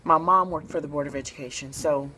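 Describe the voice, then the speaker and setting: Low-voiced soft-spoken woman storyteller. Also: quick pace, a little hiss or hum, low-quality recording. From Memphis, Tennessee, USA. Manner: soft-spoken, relaxed, with frequent fillers. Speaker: vlogger telling a personal story. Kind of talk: casual storytelling to camera.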